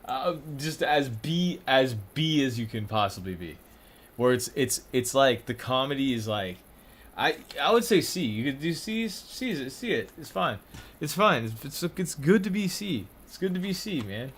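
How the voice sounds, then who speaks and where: A man's voice: medium pitch, big pitch swings, normal speed, breathy edge. A young man casually commenting on a stream, rambling, swearing and often breaking into laughter. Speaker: streamer ranking comedians.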